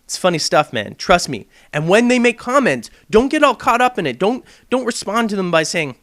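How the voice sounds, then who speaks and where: A man's voice: high voice, sing-song, a little fast, few pauses, a bit bright. A young man hosting a gaming vlog, ranting to camera in a brash, provocative, jokey way. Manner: brash, provocative and jokey, mocking voices in quotes.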